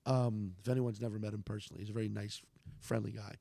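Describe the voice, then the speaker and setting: Male comedian, gravelly, animated storyteller who swears freely, long reverb. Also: on the low side, fast talker. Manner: animated, swearing, acts out quoted lines. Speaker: comedian guest. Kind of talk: casual storytelling in conversation.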